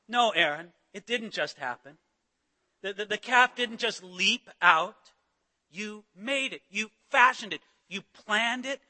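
A man preaching a sermon as a pastor, animated, acting out the voices of biblical figures. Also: sits high, normal speed, big-room sound.

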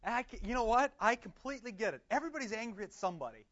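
A man's voice: high voice, sing-song, racing, fairly bright tone. A man leading a church discussion group, chatty and affirming, laughing often, recorded in a dull lo-fi recording. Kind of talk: casual group teaching.

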